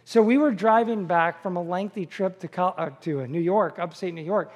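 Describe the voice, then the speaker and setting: A middle-aged man delivering a sermon in a church, his voice pitched high for a man. He tells stories with eager, animated enthusiasm. The sound carries a long reverb from a large hall. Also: moderate pace. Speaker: pastor.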